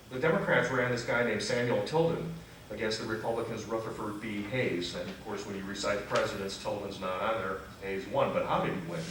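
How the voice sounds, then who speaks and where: A man with a low voice gives an unscripted history talk to a room of listeners, often stopping on "uh" and fixing his own slips. He is miked from a distance, so his voice rings around a very echoey hall with faint ambient noise. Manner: unscripted, frequent "uh" fillers and self-corrections; asks the audience questions. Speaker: lecturer at a freethought congregation. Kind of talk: conversational history lecture. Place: meeting hall with an audience.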